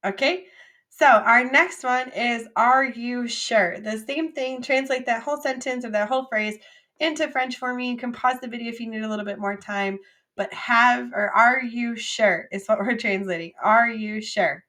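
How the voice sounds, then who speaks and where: A woman teaching a recorded French vocabulary lesson, drilling phrases with clear, upbeat repeat-after-me prompts. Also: a little high, normal speed, pushed and bright.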